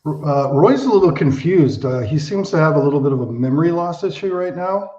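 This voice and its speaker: A man's voice: a little high, expressive, fairly quick, warm tone, echoey room, highs cut off. A man playing a tabletop game, describing his character hesitantly with many fillers. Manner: hesitant, lots of "like" and "um". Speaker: player.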